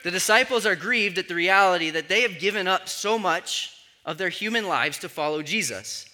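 A male pastor delivering a sermon in a high, very bright and forceful voice. He teaches conversationally, often pausing to ask "right?" to keep the congregation with him. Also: expressive. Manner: conversational teaching with frequent "right?" check-ins.

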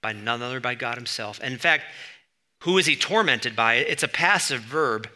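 Bright, sharp-voiced male preacher. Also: mid-range voice, lively intonation, normal speed. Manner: conversational and emphatic, with sudden bursts of stress. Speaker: pastor. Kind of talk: sermon teaching.

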